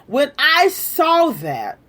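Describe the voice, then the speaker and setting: Woman ranting, high and animated. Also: very slow. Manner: heated and profane, with emphatic repetition. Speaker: political commentator. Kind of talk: angry political rant.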